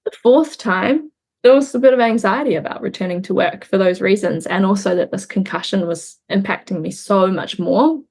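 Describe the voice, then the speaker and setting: A woman's voice: mid-range voice, darkish tone, breathy edge. A young woman from New Zealand, a guest in an interview, speaking earnestly and reflectively about her own experience. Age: young adult. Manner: reflective, earnest, pauses and restarts while recounting. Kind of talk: candid conversational interview.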